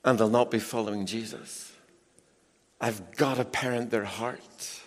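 A middle-aged man preaching a sermon as a pastor, emphatic and animated, with asides to the congregation. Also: lowish voice, measured pace. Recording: long reverb in a large hall.

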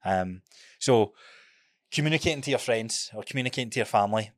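A Scottish man on a casual podcast, speaking bluntly and emphatically and swearing freely. His voice sits at an ordinary middle pitch. The recording is close and dry. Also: lively intonation, fast, dry recording. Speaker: podcast co-host.

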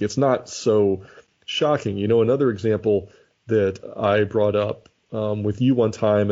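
A man's voice: lowish voice, dark tone. A man co-hosting a casual podcast chat, thinking aloud and often restarting his sentences. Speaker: podcast co-host. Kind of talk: casual chat about a baseball sim league. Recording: dull lo-fi audio.

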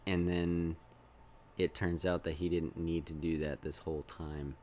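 A man's voice: deep voice, little pitch movement, measured pace, a little mellow. A man hosting a podcast, chatting casually about a movie, rambling, chuckling and trailing off mid-sentence. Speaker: podcast host. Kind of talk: casual movie review chat.

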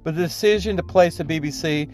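A man's voice: a little high, fast talker, darkish tone. A man with a slightly raised voice holds forth alone on his podcast, rambling and indignant. He keeps checking in with "okay?" and stumbles through fillers and restarts, with faint music under him. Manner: rambling, tags points with "okay?". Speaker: podcast host. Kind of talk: solo opinion commentary.

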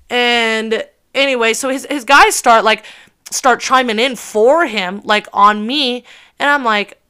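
A young woman in her early twenties recounts a night out, talking in a lively, profane run packed with filler words. Her voice sits a touch high and sounds bright and crisp. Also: moderate pace. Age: early 20s. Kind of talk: casual storytelling.

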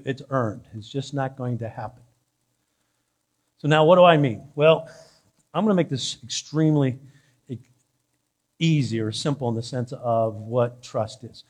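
A man's voice: mid-range voice, darkish tone. A middle-aged man preaching a sermon as pastor in a church, chatty, with joking asides and frequent restarts. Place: church sanctuary.

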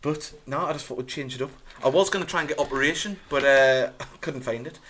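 Chatty radio host. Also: male voice, mid-range voice, a bit bright, a little hiss or hum. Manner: rambling, chatty, quick to laugh, lots of ums. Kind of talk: casual banter on a football fan radio show.

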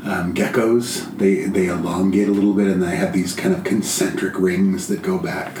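A man narrating as game master of a tabletop game, slowly building vivid descriptions. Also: sits low, steady tone, a little mellow. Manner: slow, laughing, descriptive. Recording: echoey room with background noise.

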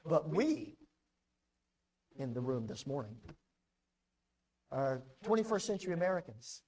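High-voiced man preaching emphatically. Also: very animated, moderate pace, long pauses, a little mellow, poor audio. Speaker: pastor. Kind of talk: sermon.

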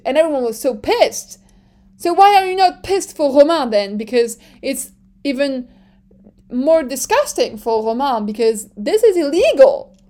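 A woman with a French accent hosts a casual podcast, chatty and animated, with plenty of likes and ums. Her voice sits a bit higher than most women's. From France. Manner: chatty and animated, many fillers, laughs often. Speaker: podcast host. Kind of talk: casual chat.

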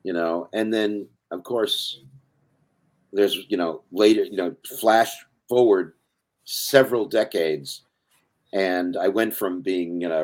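An older man telling rambling stories as a podcast guest, interrupting himself as he goes. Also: low voice. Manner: rambling, self-interrupting storyteller. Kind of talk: casual storytelling.

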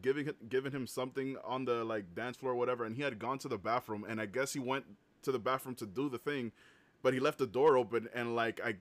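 A man's voice: medium pitch, fairly bright tone, dry recording. Laughing young man, dry close sound. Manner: laughs often, short reactions. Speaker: podcast co-host. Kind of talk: casual podcast chat.

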